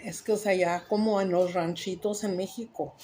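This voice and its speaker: A woman vlogger casually telling a joke in a rambling, animated way and correcting herself as she goes. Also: mid-range voice, fairly quick, a little hiss or hum. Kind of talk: casual storytelling.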